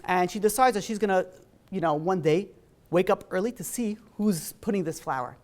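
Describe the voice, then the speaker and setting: Rabbi telling a story in a sermon. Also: male voice, high-pitched, moderate pace. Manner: casual, animated storytelling with frequent fillers.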